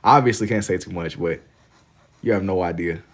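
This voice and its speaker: Young man from Kentucky, slightly low voice, laid-back slangy livestream chatter while drawing. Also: brisk. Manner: laid-back and slangy, reading chat aloud. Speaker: livestreaming artist.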